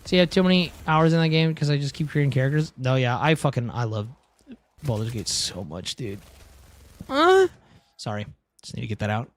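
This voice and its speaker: A young man streams a game from a room at home, chatting crudely, joking and saying "dude" a lot into a close headset mic. His medium-pitched voice is sing-song and fairly quick in this casual gaming livestream.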